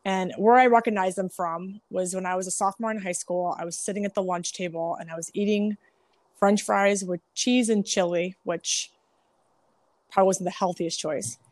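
A woman's voice: mid-range voice, steady tone, moderate pace, no echo. A woman who owns a salon, telling stories candidly and laughing often, frank and self-deprecating with casual swearing. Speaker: salon owner, guest. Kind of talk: candid storytelling.

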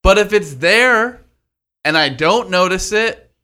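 A man with a bright, forceful voice and a slightly high pitch talks loosely on a podcast. His delivery is animated and laced with swearing. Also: slow pace, clean tone. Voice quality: profane, animated. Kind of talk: casual chat.

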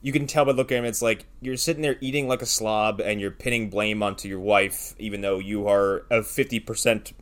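A man's voice: fairly low pitch, steady tone. A man co-hosting a casual podcast, bluntly and sarcastically mocking the movie's characters. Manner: blunt, sarcastic, mocks characters in quick put-on voices. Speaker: podcast co-host. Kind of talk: casual profane movie-recap chat.

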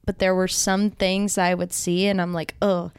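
A woman's voice: lowish voice, little pitch movement, normal speed, clean tone, no echo. A young woman co-hosting a podcast in casual chat, chatty and full of "like". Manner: chatty, filler-heavy, frequent "like". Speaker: podcast co-host. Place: studio. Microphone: handheld mic. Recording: dry close studio mic.

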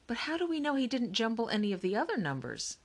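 A woman reading an audiobook, voicing a calm, thoughtful older brother who explains things. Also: fairly high pitch, quick pace, voice pushed up.

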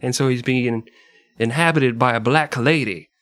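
A man's voice: mid-range voice, normal speed, fairly bright tone, dry recording. A man hosting a casual podcast, reading historical passages aloud and laughing often between them. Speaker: podcast host.

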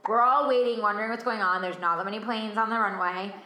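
A woman's voice: medium pitch, quick pace, roomy sound. Exasperated young woman telling a story. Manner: animated, exasperated storytelling, acting out the other people's lines. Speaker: storyteller in a casual chat. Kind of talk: casual chat.

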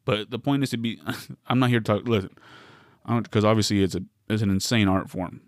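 A man's voice: lowish voice, a little fast, no echo, clean studio sound. A man from the West Coast, hosting a solo podcast, riffing through a meandering, wry comedic monologue with many self-interruptions.

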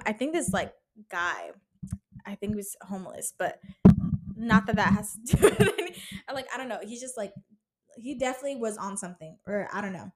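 A woman in her twenties hosting a podcast, telling stories in a casual, blunt monologue full of slang, swearing and "like". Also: mid-range voice. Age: 20s. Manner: swears a lot, heavy slang and filler "like"; blunt, rant-like and joking. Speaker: podcast host.

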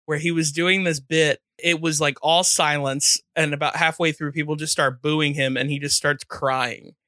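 Male podcast host, slightly high, bright and forceful, casual reactive chat. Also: fairly even intonation, no echo, clean studio sound. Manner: quick reactive listener who laughs readily.

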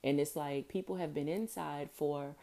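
A woman talks straight to her listeners in a loose solo podcast. Her voice sits fairly low for a woman, and her delivery is impassioned and frustrated. She circles back and repeats her points. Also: fairly even intonation, normal speed, warm tone. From New Orleans. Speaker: podcast host. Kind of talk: casual monologue.

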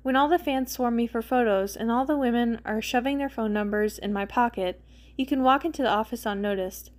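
A woman's voice: on the high side, brisk, a little mellow, natural voice. A woman voicing a cocky, teasing male team captain. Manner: teasing, dry, boastful.

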